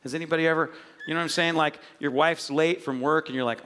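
A man's voice: a little high, fairly even intonation, fast, fairly bright tone. A middle-aged male pastor giving a casual, conversational sermon with self-mocking asides to the congregation. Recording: long hall reverb.

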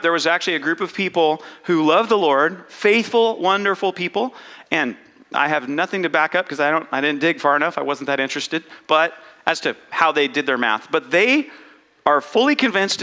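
A man leads a congregation through a casual, animated sermon, poking fun at himself and voicing his inner dialogue aloud. His voice sits a little high and rings bright and forceful. Long reverb from a large church hall trails each phrase. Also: brisk. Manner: animated, self-mocking asides, acts out inner dialogue. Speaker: pastor. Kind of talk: conversational sermon.

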